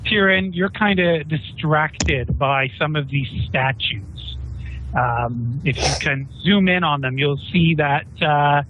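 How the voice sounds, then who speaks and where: A man running a tabletop game, narrating scenes and asking players what they do, in a relaxed, chatty way. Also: on the high side, slow pace, slight background noise. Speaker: game master. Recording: tinny phone-like online call.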